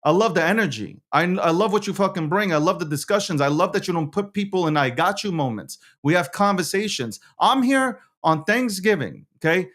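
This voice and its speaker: A man's voice: high-pitched, animated, fairly quick, few pauses, fairly bright tone. A man hosting and producing a live show, talking in a heated, repetitive way with heavy swearing.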